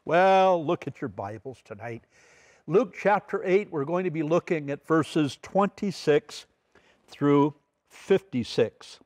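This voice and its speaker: A fairly high-voiced male pastor. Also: lively intonation, slow pace, darkish tone, dry recording. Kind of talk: midweek Bible study sermon.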